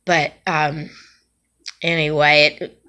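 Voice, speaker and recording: A middle-aged woman tells a personal story from her days as a chaplain. Her voice sits low but sounds bright and forceful. She talks in a halting way, full of restarts and fillers, and gets emotional as she goes. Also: level tone, smooth. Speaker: former nursing home chaplain.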